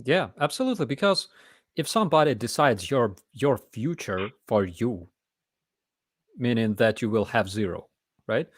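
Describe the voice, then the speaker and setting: A man's voice: medium pitch, animated, moderate pace, dry recording, studio quality. A man, hosting a casual live chat and talking in a blunt, emphatic way. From Ukraine. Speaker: host.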